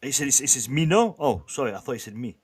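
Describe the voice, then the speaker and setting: A man hosting a casual live stream, bantering with the chat in a lively way and often restarting his sentences. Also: medium pitch, fast talker, husky. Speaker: livestream host.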